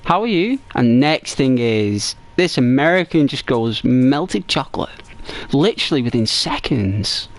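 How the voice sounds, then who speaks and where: A man with an English accent talks over a game in a loose, chatty way, at a middle pitch for a man. He circles back on his own words and restarts sentences. When a story gets going, his voice lifts and quickens. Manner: rambling, chatty, repeats and restarts phrases; gets animated and higher when telling stories. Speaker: gaming streamer. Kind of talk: casual gameplay commentary.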